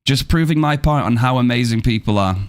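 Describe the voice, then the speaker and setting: Male streamer, casual and upbeat, chats warmly with his viewers, mid-range voice. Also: medium pitch, fairly quick, clear, resonant tone. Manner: upbeat, thanks viewers and reads chat aloud. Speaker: game streamer. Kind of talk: casual live-stream chat.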